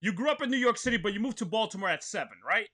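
Hype host guy, high voice, super bright and punchy, friendly chat. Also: lively intonation, racing. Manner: upbeat, hyping intros, chummy. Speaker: show host. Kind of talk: casual interview.

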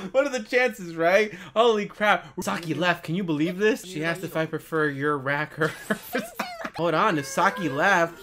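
Excitable, bright-voiced young male reactor. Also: high-pitched, normal speed, slight background noise. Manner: excitable, slangy, laughs often, sudden loud outbursts. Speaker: anime reaction channel host. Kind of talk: casual reaction commentary.

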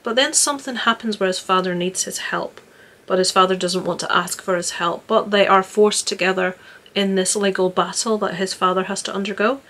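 A woman's voice: medium pitch, steady tone, a little fast, a bit bright. A young woman chatting casually about films she watched, earnest and rambling with frequent restarts. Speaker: vlogger reviewing films. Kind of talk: casual film review chat.

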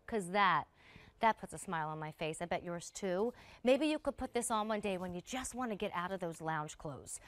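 A woman's voice: medium pitch, fairly bright tone, no room sound. A woman in her thirties hosting a live TV shopping show, chatty and gushing as she talks straight to viewers. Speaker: shopping channel host. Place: TV studio.

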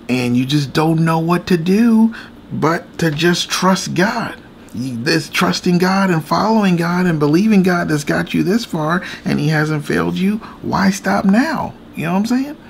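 A man with a gravelly, fry-edged voice speaks earnestly in a late-night chat about faith. He circles back and repeats himself as he confides in his viewers. A faint noise sits behind him. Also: on the high side, animated, measured pace. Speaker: faith vlogger and co-host.

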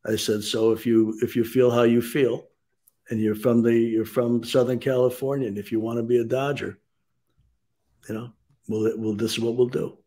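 Older man, measured storytelling. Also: medium pitch, flat delivery, warm tone. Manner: measured storyteller, frequent "um" and "you know". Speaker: baseball executive guest. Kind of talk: sports radio interview.

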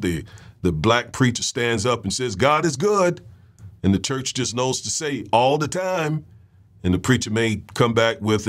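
This man's voice is on the low side. He hosts a political commentary show, speaking in a relaxed monologue where he often repeats himself and turns to his listeners to see if they're following.

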